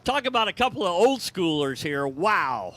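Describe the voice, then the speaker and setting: A man who owns the track calls drag races as announcer, joking with his partner and rising to a shout at the finishes. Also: high-pitched, sing-song, moderate pace. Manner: upbeat, jokey, rises to a shout at finishes. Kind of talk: drag racing commentary.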